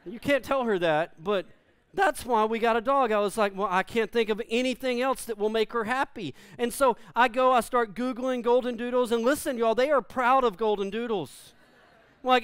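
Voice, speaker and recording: A man preaching a humorous sermon, animated and self-deprecating, acting out the quotes in his story. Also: very high-pitched, moderate pace, smooth, dry recording. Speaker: pastor.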